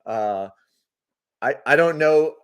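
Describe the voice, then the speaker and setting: A man's voice: on the high side, lively intonation, slow, clear, resonant tone. A man hosting a live market stream, chatting casually, greeting viewers by name and talking through charts as he goes. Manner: laughs easily, loose and talkative. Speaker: host of a live trading stream.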